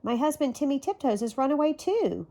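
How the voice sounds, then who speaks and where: A woman's voice: sits high, sing-song, a little fast, warm tone, pitched above the performer's own voice. A woman voicing a worried female squirrel wife, with a raised, anxious, calling voice.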